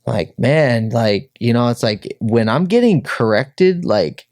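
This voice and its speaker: A man's voice: mid-range voice, animated, slow pace, a little mellow, no echo, clean studio sound. A man from Minnesota, a pro fighter, telling his personal story as a guest, full of "like" fillers and acted-out quotes. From Minnesota, USA. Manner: heavy "like" fillers, acts out quotes.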